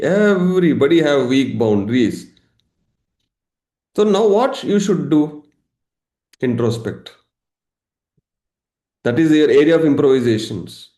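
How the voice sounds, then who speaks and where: A man teaching a live online session as a meditation coach, lively, acting out everyday examples and laughing. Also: fairly high pitch, roomy sound. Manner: animated, acts out examples, laughs often.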